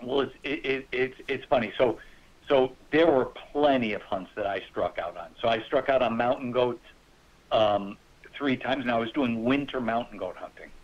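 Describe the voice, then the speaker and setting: A man telling hunting stories in a relaxed podcast chat, animated and quick to laugh, acting out the voices of people in his stories. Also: medium pitch, dull audio. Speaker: guest hunter. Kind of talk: casual storytelling.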